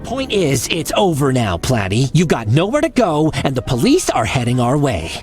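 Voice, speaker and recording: A man's voice: mid-range voice, huge pitch swings, moderate pace, soft background music. A man voicing a wisecracking male cat detective in a video game, talking in quippy, easygoing banter. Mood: joking.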